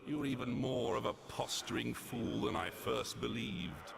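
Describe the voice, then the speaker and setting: An actor playing a sinister, ancient demon villain in a game, gloating and sneering. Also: male voice, medium pitch, steady tone, a crowd in the background. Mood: scornful. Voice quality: gravelly, creaky. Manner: slow, theatrical, sneering.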